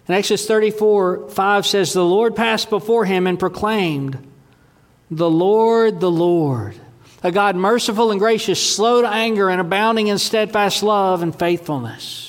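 A man preaches in a church sanctuary, his fairly high voice carried by a long hall reverb. He moves between ringing proclamation and hushed, near-whispered lines. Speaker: pastor. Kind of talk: sermon.

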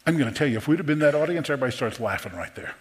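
A man preaching a sermon, animated and full of rhetorical questions to his congregation. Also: medium pitch, racing. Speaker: pastor. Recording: long hall reverb.

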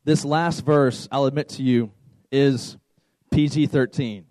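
A man's voice: medium pitch, steady tone, slow pace, a little mellow, no room sound, low-quality recording. A man in his thirties preaching a conversational sermon to a youth group as their pastor, repeating words and joking with the room.

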